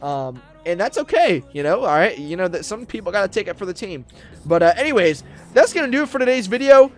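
A man doing excitable, rambling commentary over a roleplay game, barking orders and filling gaps with ums. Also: sits high, brisk. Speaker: roleplay YouTuber.

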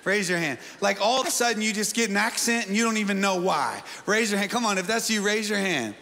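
A man's voice: high-pitched, lively intonation, a little fast, creaky, bright, forceful tone. A male pastor giving a sermon, joking and quizzing his congregation in a playful way. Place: large church auditorium. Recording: long church-hall reverb.

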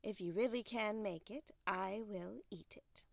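A woman voicing a sly male cat in a storybook, speaking low and hushed. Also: unhurried, vocal fry, dry recording.

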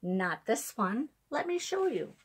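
Woman as a proud traveling peddler in a storybook, coaxing and boastful, a little breathy. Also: on the high side, big pitch swings, slow pace, heavily acted.

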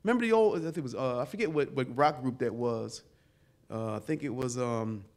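A middle-aged man, a pastor, preaching a lively sermon to a live audience, calling for responses and swinging from quiet asides to shouts. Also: high-pitched. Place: conference hall before a live audience.

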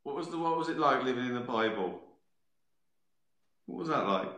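Guy doing a live stream at home, sarcastic and sweary, bright voice, roomy echo. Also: mid-range voice, expressive, moderate pace. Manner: sardonic, profane, rambling. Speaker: host answering viewer questions. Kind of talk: casual live-stream chat. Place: at home, sitting with a beer.

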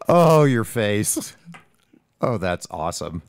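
Deep, unhurried male co-host; expressive, laughs easily; dry sound. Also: no echo. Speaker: radio co-host. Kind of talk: casual radio talk.

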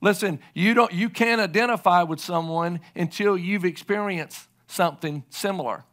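A man's voice: sits high, normal speed, fairly bright tone. A middle-aged man preaching a sermon as a pastor, emphatic and repeating his key lines to the congregation.

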